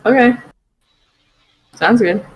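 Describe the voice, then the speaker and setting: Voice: medium pitch, slow, low-quality recording. A player in a tabletop game who gives short, agreeable in-character replies.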